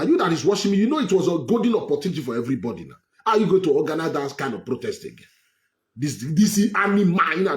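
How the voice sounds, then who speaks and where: Heated Nigerian man, lively pitch. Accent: Nigerian, with Pidgin phrases. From Edo State, Nigeria. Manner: heated, emphatic, repetitive. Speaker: vlogger. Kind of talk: political rant to camera.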